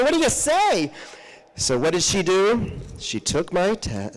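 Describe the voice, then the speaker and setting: A man telling a personal story to an audience on a handheld mic, animated and often laughing as he acts out the people in it. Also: high voice, unhurried. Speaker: guest author speaker. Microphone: handheld microphone.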